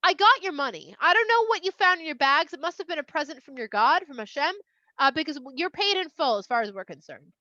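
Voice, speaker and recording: A woman voicing a ruler's assistant, brisk and matter-of-fact. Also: sits high, expressive, sharp tone, dry recording, muffled recording.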